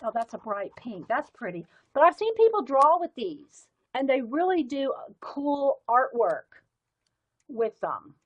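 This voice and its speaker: A woman's voice: sits high, very animated, unhurried, slightly rough, dry recording, muffled recording. A woman hosting a casual live stream, chatting to her viewers in a rambling way and laughing often. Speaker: livestream host.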